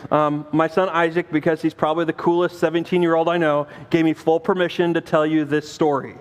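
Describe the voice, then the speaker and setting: A man in his forties preaching a sermon, telling a family story with animated acted-out dialogue and self-mocking laughter. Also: fairly high pitch, a little fast, clean tone. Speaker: pastor. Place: church sanctuary. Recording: long reverb of a church hall.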